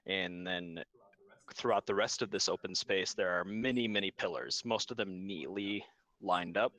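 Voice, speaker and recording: A man's voice: low voice, moderate pace, bright, forceful tone, poor audio. A man running a tabletop game as game master, describing scenes loosely with many fillers.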